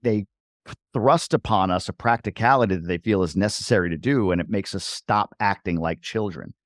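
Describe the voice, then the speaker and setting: Man in his forties from New York, podcast guest, emphatic storyteller, lowish voice, dry close sound. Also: moderate pace, no room sound. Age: 40s. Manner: emphatic, acts out voices of other people in quotes. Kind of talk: casual interview conversation.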